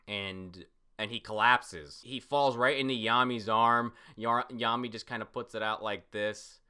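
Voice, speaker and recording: Guy recapping a manga chapter, super bright tense voice, smooth, lots of uh's, gets hyped. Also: medium pitch, unhurried. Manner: excitable, filler-heavy, swears when surprised. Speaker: manga reviewer. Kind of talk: casual reaction and recap.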